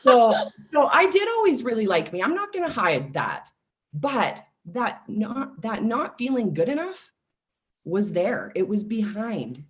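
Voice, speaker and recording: A woman in her forties, a self-love coach, talking casually and telling personal stories with lively acted-out quotes. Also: on the high side, measured pace. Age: 40s. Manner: animated storytelling, acts out quoted voices. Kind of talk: casual podcast conversation.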